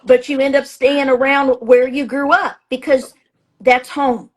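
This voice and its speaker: Woman astrologer in casual interview talk, fairly high voice, chatty and emphatic, lots of fillers. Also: flat delivery, a little slow. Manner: acts out her own past thoughts in a raised voice. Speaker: astrologer and author, guest.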